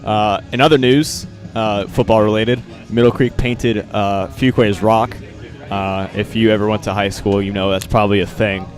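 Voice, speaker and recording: A man's voice: fairly low pitch, steady tone, normal speed. A teenage man doing casual student sports commentary at a stadium, rambling and joking with plenty of fillers. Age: teens. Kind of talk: casual live commentary chat. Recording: music playing behind.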